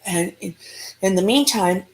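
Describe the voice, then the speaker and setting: A woman paranormal investigator telling an eerie encounter in an interview, animated and acting out the dialogue. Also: mid-range voice, unhurried, a little hiss or hum. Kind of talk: storytelling in an interview.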